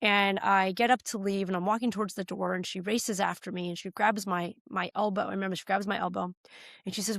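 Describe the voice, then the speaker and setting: A woman's voice: medium pitch, fairly even intonation, fairly quick, gravelly, fairly bright tone, no echo, studio quality. An American woman, a political candidate, telling a heartfelt personal story as a podcast guest, earnest and at times choked up. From United States.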